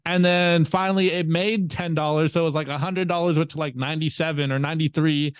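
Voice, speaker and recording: A man's voice: fairly high pitch, quick pace, smooth, no room sound. A young man from California telling his story in a casual interview, rambling and swearing freely as he talks. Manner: profane, rambling, animated storytelling. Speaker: guest.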